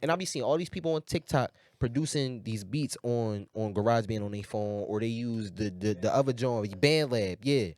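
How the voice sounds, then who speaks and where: A man's voice: mid-range voice, normal speed, hardly any pauses, darkish tone, no room sound, clean studio sound. Slangy Philly man, emphatic podcast guest. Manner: slangy and emphatic, often asks "you feel me". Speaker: guest musician. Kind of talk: casual podcast conversation.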